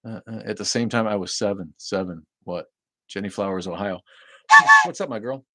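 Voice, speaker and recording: A deep-voiced man with a New England accent hosts a casual livestream and chats his way through viewer comments. He rambles and keeps stumbling over restarts, and his voice sits close and dry with no room sound. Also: huge pitch swings, normal speed, pushed and bright, no echo. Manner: rambling and chatty, with stammered restarts. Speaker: livestream host.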